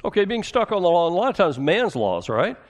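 A man preaching a sermon as a pastor, conversational, asking the congregation questions and moving between emphatic and hushed delivery. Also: sits high, big pitch swings, fast talker.

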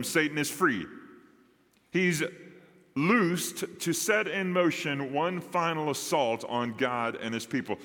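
A man preaching a sermon as pastor, with dramatic pauses and rising and dropping emphasis. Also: mid-range voice, bright, forceful tone. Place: church sanctuary. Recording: long hall reverb.

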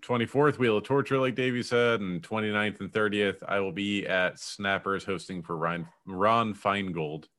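A man's voice: on the low side, fairly even intonation, fairly bright tone. A man co-hosting a comedy podcast who keeps the talk on track and lists his gigs plainly. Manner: steers the talk, brisk and plain. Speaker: comedian co-host. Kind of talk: casual podcast chat.

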